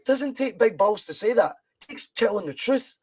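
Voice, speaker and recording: A man's voice: high-pitched, animated, normal speed, a little mellow, slightly rough. A Scottish man hosting a football podcast, talking bluntly and swearing freely as he argues his opinions. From Scotland. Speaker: podcast host. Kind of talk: casual football podcast chat.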